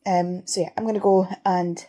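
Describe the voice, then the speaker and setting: A woman's voice: lowish voice, steady tone, moderate pace, mellow. A young woman vlogging casually about her reading, rambling and chatty, tired and sniffly. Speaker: book vlogger.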